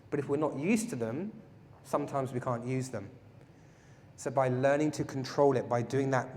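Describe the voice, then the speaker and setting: A man's voice: mid-range voice, dark tone, slight background noise. A man teaching a self-defense workshop, playful and jokey, often asking the audience questions. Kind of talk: live workshop lecture to a group. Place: large hall with an audience. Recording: echoey hall.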